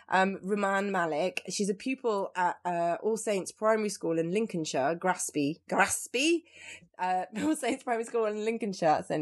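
A young woman hosting a podcast, chatting casually about news stories in a lively, chatty way with lots of asides. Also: medium pitch. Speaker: podcast host.

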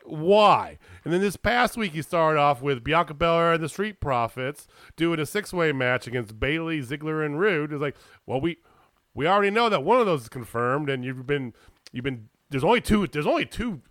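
A man in casual chat about wrestling, ranting in an animated way and swearing freely. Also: fairly high pitch, moderate pace, no echo, clean studio sound. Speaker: podcast co-host.

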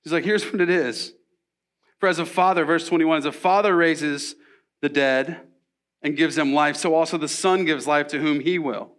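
Male pastor, slightly higher voice, conversational and animated sermon in a church. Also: moderate pace. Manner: animated, conversational preaching with asides to the congregation.

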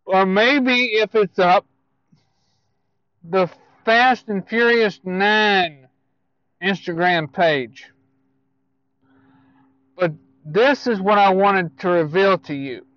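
A man giving casual movie news to viewers, speaking in a halting way with self-corrections and asides. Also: sits high, a bit bright, dry recording, dull audio.

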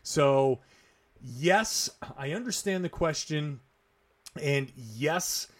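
A man's voice: a little high, lively intonation, extremely slow. A man hosting a podcast on his own, talking casually and emphatically as he answers listener questions, repeating his key points. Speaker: podcast host.

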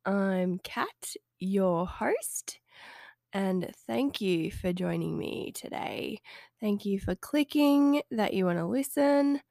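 A woman's voice: medium pitch, expressive, takes it slowly, vocal fry, warm tone, no echo, studio quality. Nasal woman with a head cold. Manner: hesitant, rambling, friendly. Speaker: podcast host and health coach. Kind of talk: casual solo podcast chat.

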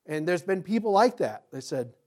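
Middle-aged male pastor, animated sermon delivery, acts out voices, chuckles. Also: sits high, moderate pace.

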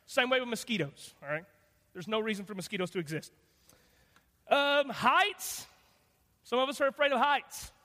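Guy preaching in church, high bright voice, jokey and loose, lots of ums, big echoey hall. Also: sing-song, moderate pace, pauses often. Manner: conversational, joking, lots of fillers and restarts. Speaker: guest preacher. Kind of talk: sermon. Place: church sanctuary.

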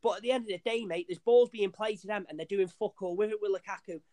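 A young man, talking fast and loose about football. His voice sits a little high for a man and sounds dry and close, as he rambles, restarts and swears freely. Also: darkish tone, dry recording. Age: young adult. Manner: rambling, sweary, restarts often, says "mate". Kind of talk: casual football chat.

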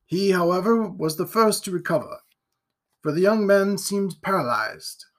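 A man reading a gothic novel aloud in steady, even storytelling narration. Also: sits high, moderate pace. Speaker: audiobook reader.

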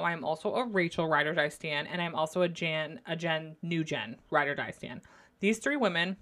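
A woman's voice: fairly low pitch, a bit bright. A woman hosting a solo podcast, chatting casually and opinionatedly, swearing freely. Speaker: podcast host.

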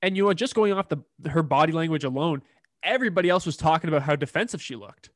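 A young man co-hosting a podcast, agreeable and quick to laugh as he chimes in. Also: a little high, expressive, no room sound, studio quality. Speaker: podcast co-host. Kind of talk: casual recap chat.

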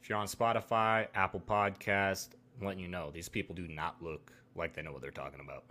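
A man's voice: deep voice, level tone, brisk, sharp tone, slight background noise. A man co-hosting a casual podcast, making blunt, dry remarks. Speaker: podcast co-host.

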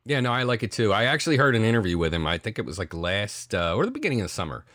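A middle-aged man co-hosting a podcast, telling stories in a casual, profane, animated way. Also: lowish voice, rapid-fire, no room sound, clean studio sound. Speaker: podcast co-host. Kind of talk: casual chat.

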